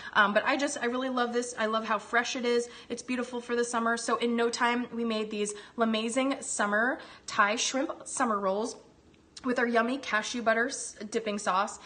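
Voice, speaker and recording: Woman, cooking show host, bubbly, gushing, home kitchen, slightly high voice. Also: fairly bright tone. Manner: bubbly, gushing and chatty, eats while talking. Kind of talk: live cooking demonstration.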